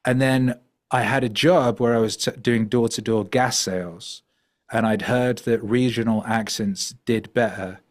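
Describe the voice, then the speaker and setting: A middle-aged man, a podcast guest, telling stories in an animated, rambling way, full of fillers and restarts. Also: medium pitch, measured pace. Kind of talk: storytelling conversation.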